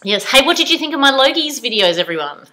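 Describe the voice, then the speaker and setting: A middle-aged woman hosts a casual home vlog, talking straight to camera. Her voice is bright and sharp, and she is chatty and giggly as she goes. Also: high voice, big pitch swings, fast talker, rough recording. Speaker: vlog host. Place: home living room by an open fire.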